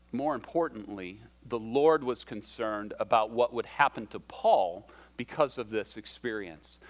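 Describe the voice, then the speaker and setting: A man gives a conversational sermon, his voice sitting at a middle pitch. He shifts his pace and emphasis as he preaches and slips in self-deprecating humor. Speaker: pastor.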